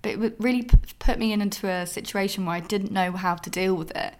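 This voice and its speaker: Young woman telling stories on her own podcast, speaking in a frank, loose, meandering way and leaning on "like" constantly. Her voice sits at an ordinary middle pitch for a woman. It is relaxed, unscripted solo talk recorded at home. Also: quick pace. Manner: candid, rambling, heavy use of "like". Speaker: podcast host. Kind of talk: casual solo podcast monologue. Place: her flat.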